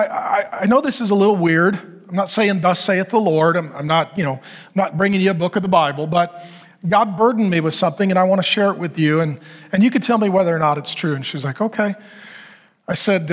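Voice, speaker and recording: A middle-aged man preaching as a pastor, telling stories in an earnest, conversational way and acting out the dialogue. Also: high-pitched. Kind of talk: sermon storytelling.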